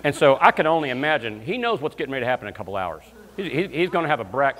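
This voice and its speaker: A man preaching as a guest minister, telling comic stories and breaking into loud shouts of praise. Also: mid-range voice, very animated, very fast. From Alabama, US South. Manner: storytelling with bursts of shouting praise. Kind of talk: lively comedic sermon. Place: church sanctuary. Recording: long church hall reverb.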